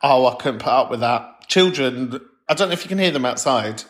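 A man's voice: medium pitch, expressive, fairly quick, a bit bright. A man hosting a comedic podcast. He talks in a camp, sardonic way, with theatrical outbursts. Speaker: podcast host. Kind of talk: comedic solo podcast with listener calls.

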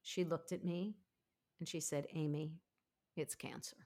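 A woman in her fifties, a podcast host, telling her own story in a candid, emphatic, animated way. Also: deep voice, moderate pace. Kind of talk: candid conversational interview.

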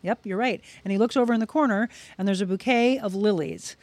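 A woman's voice: mid-range voice, quick pace, dry recording. A middle-aged woman, a podcast guest, telling a personal story in casual chat and acting out the quoted dialogue. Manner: lively, acts out quoted dialogue.

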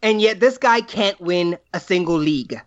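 A man's voice: high-pitched, normal speed, highs cut off, a loud crowd. A man co-hosting a casual movie chat, earnest and critical with firm opinions. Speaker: podcast co-host.

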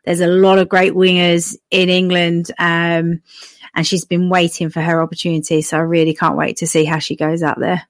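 A woman co-hosts a casual chat podcast. Her voice sits lower than most women's and sounds dry and close. She talks in an easy, upbeat way. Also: flat delivery, normal speed, no room sound. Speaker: podcast co-host.

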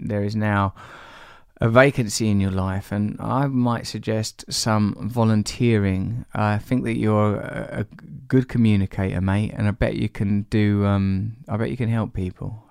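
A man hosts a podcast, rambling playfully while reading out and answering listener emails. His voice is low with a gravelly fry. It sounds close and dry. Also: fairly even intonation, normal speed, a little mellow, dry recording. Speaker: podcast host.

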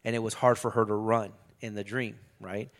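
A man's voice: on the low side, flat delivery, moderate pace. A middle-aged man in a casual chat, telling a long story loosely, with lots of fillers and swearing.

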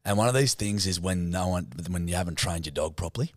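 Aussie bloke on a podcast, lowish voice, swears constantly, dry close sound. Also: male voice, quick pace, dry recording. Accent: Australian. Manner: swears a lot, animated storytelling. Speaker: podcast co-host. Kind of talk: casual chat.

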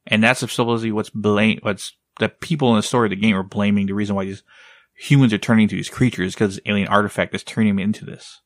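A podcast co-host chats casually, rambling, leaning heavily on "like" and "right?", and swearing now and then. His voice sits on the low side with fairly even intonation and a quick pace, in clean studio sound with no echo.

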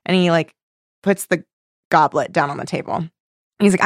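Animated young woman telling a story. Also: on the low side, normal speed, dry recording, studio quality. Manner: animated storytelling, acts out quoted people, laughs often, swears. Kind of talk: casual chat.

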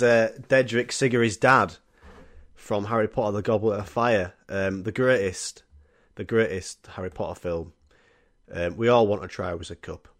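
Rambling, sweary podcast host. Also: male voice, mid-range voice. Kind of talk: solo comedy podcast ramble.

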